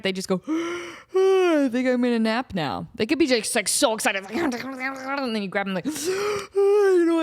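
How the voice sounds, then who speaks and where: A woman's voice: medium pitch, dry recording, studio quality. A woman hosting her own podcast, chatting casually and telling jokey stories with playful impressions. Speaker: podcast host. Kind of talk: casual solo podcast chat.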